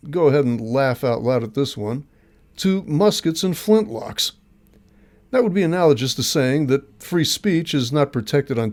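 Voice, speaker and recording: A man's voice: mid-range voice, darkish tone. A man hosting his own show, reading scripted commentary in an earnest, emphatic way with rhetorical questions. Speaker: host.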